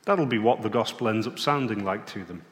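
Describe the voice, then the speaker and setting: A man preaching a sermon in a plain-spoken, conversational way, pausing and restarting now and then. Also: on the low side. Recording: long reverb of a large hall.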